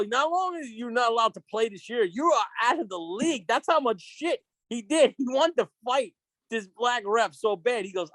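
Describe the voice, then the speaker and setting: A man's voice: very high voice, fairly bright tone, no room sound. Profane storytelling man, dry sound. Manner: storytelling, profane, laughing often. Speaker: podcast co-host. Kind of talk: casual chat.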